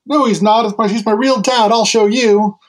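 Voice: medium pitch, unhurried, darkish tone, natural voice. A storyteller voicing a young boy, the sun god's son, who is earnest and insistent. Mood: insistent, eager.

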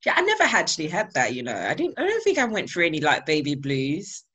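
A woman and mother in casual chat, agreeing readily and talking quickly. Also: low voice, huge pitch swings, fairly bright tone, breathy edge.

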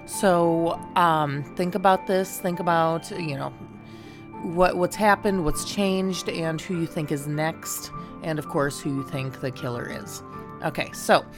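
A woman teacher introducing a class reading in a relaxed, instructive way, with fillers. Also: low-pitched.

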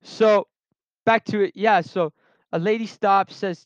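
A man's voice: sits high, steady tone, a little slow, clean tone, no room sound. A young man in his late teens telling a personal story casually, rambling with lots of restarts and fillers, on a dull lo-fi recording.

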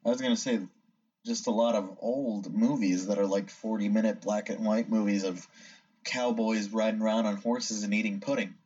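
A man's voice: lowish voice, fairly even intonation, normal speed, a little mellow. A young man hosting a casual podcast chat, joking and teasing his co-hosts. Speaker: podcast host. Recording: distant, dull-sounding mic.

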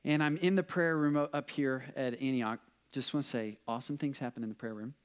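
A man's voice: medium pitch, fairly even intonation, brisk, clean tone. A young adult man, a pastor, preaching a sermon as an earnest personal story, often restarting his words.

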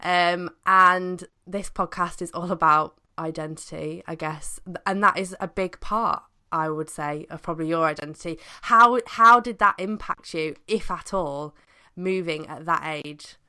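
A woman hosting an interview podcast, her voice low-pitched yet bright and forward. She responds with effusive encouragement and warm amazement. She frames her questions in a relaxed, chatty way. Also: unhurried, clean tone. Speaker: podcast host.

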